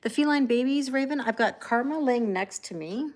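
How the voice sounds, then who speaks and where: Calm chatty woman greeting livestream viewers. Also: on the high side, moderate pace. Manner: chatty, reads viewer comments aloud and thanks them by name; calm and relaxed. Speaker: tarot reader hosting a livestream. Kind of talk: casual livestream chat.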